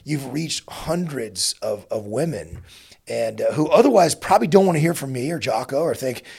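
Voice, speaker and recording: A middle-aged man hosting an interview podcast, talking in a relaxed, halting way with many restarts. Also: medium pitch, creaky, breathy edge. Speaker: podcast host. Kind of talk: conversational interview.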